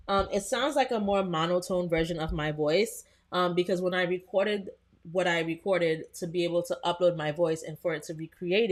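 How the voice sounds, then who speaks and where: Chatty woman walking viewers through software. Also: lowish voice. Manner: chatty, addresses viewers as "you guys", frequent "um" and "like". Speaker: host. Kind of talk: live software tutorial.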